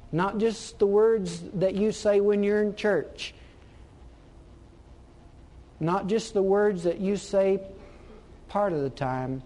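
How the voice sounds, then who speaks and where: A man with a high voice preaches a sermon. He hammers his points home, circling back to the same phrases again and again. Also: a little slow, darkish tone. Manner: emphatic, repeats key phrases.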